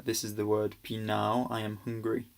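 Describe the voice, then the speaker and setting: A man's voice: fairly low pitch, monotone, normal speed, vocal fry. A man giving a casual grammar lesson over slides, patient and reassuring, with many ums and small restarts. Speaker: language teacher.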